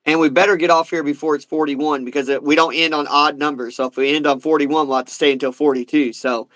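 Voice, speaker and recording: Man, podcast host, casual chat, rambling, higher voice, dry sound. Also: fairly even intonation, quick pace, fairly bright tone, no room sound, poor audio. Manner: rambling, repeats himself with filler.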